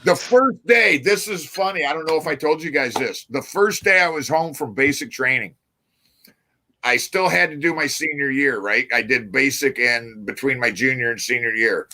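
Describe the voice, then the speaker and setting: Male co-host, lively storyteller, bright forceful voice. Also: medium pitch, normal speed. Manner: animated storytelling with acted-out quotes. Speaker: podcast co-host. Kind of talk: casual chat.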